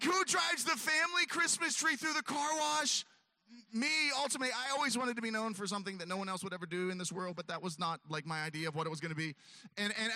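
A man's voice: sits high, pushed and bright, no echo. A man telling a long self-mocking story on stage, acting out his own voice and others' as he goes. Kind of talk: stand-up storytelling.

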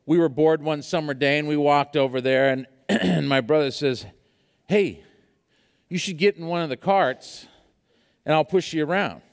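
A man preaching a sermon, telling a personal story in an animated way with many fillers before reading scripture. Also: a little high, normal speed, clean tone, big-room sound. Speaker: pastor.

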